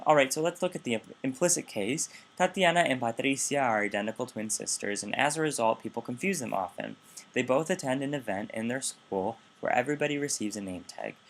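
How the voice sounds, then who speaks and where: Man giving a lecture. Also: medium pitch. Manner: explanatory, with frequent restarts and self-corrections. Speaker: Spanish linguistics lecturer. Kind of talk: recorded lecture.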